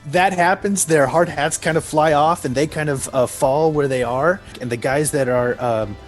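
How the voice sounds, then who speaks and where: A man narrating as game master, casual and halting, often laughing. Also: fairly high pitch, faint music behind.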